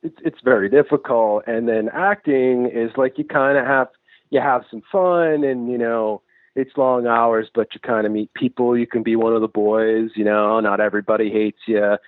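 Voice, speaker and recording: A man's voice: mid-range voice, moderate pace, no room sound. A man from New England who makes and acts in films, chatting loosely as a guest and telling stories with plenty of swearing. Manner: loose, profane, animated storytelling. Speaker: filmmaker and actor guest. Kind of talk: casual interview chat. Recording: dry, tinny phone-like sound.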